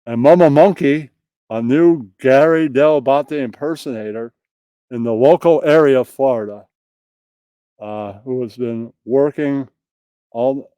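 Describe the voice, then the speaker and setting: A man reading out crude, profane jokes and a comedy skit in a deadpan way. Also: mid-range voice, unhurried, smooth, no room sound, dull audio.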